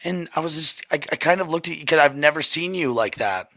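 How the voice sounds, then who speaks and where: A man's voice: fairly high pitch, expressive, a little fast, sharp tone, no room sound, clean studio sound. A man hosting a casual podcast chat, rambling with lots of restarts and swearing, his voice worn out. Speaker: podcast host.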